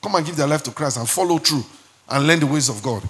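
A man with a Nigerian accent preaching a sermon as pastor, animated and dropping into Pidgin asides and acted-out quotes. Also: on the high side, quick pace. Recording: long hall reverb.

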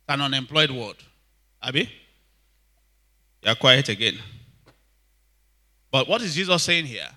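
A man preaching, his voice very bright and cutting. He drives points home by repeating lines and asking the congregation to answer back. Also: mid-range voice, animated, unhurried, pauses often. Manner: emphatic, repeats lines, asks the congregation for responses. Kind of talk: sermon.

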